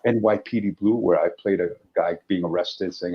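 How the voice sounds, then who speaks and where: A middle-aged man, a guest actor, telling stories in an animated, anecdotal way during a casual interview. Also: deep voice, normal speed. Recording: dull lo-fi audio.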